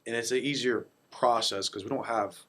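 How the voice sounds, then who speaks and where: A man who manages his family's restaurant tells stories casually in an interview, relaxed and using lots of fillers. His voice is medium-pitched and his pace normal.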